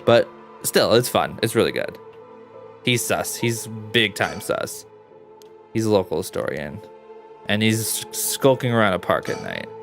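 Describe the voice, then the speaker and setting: A man giving casual, rambling commentary while playing a story game, chatty and quick to laugh. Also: on the low side, animated, vocal fry, a bit bright, soft background music. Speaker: let's-play gamer.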